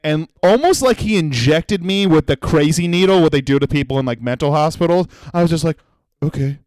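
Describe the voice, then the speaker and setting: Young man, comedy storyteller, profane, animated, slightly high voice, dry close sound. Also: brisk, no echo. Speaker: comedy podcast host.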